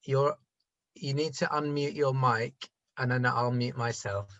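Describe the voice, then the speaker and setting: A man teaching adult education, giving a quick, rambling conference presentation on a video call. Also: medium pitch, fairly even intonation, a bit bright, no echo. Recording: dull dry video-call audio.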